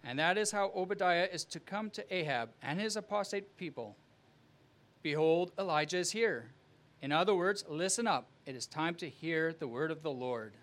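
A man preaching a sermon as pastor, with earnest, emphatic delivery and measured phrasing. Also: high voice, a bit bright.

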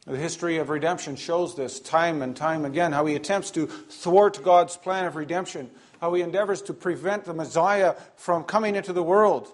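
A man delivers a sermon in a fairly high voice. He preaches earnestly and emphatically, pausing between phrases and now and then repeating a word.

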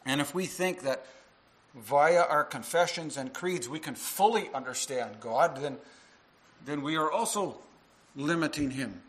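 A man's voice: on the high side, measured pace, rough recording. A male minister preaching a sermon to his congregation, earnest and full of rhetorical questions.

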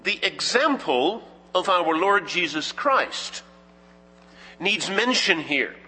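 Male pastor, high bright husky voice, slow deliberate sermon delivery, church hall reverb. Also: big pitch swings. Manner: measured, emphatic preaching with rhetorical questions. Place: church sanctuary.

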